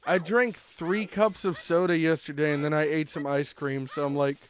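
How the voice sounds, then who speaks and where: A man's voice: on the high side, fairly even intonation, moderate pace. A young man streaming a game, chatting casually and joking with lots of fillers. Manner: rambling, joking, many fillers.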